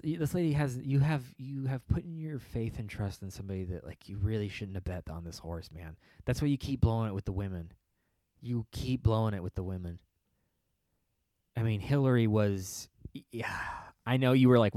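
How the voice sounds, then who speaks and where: Man, podcast host, low-ish voice, dry close sound, rambling, sarcastic, laughs a lot. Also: normal speed, dark tone, dry recording. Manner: mocking put-on quoted voices. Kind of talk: casual chat.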